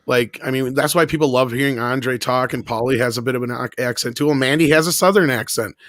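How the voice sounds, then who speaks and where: A man's voice: mid-range voice, quick pace, a bit bright. A man co-hosting a review roundtable, easygoing and joking. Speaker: co-host.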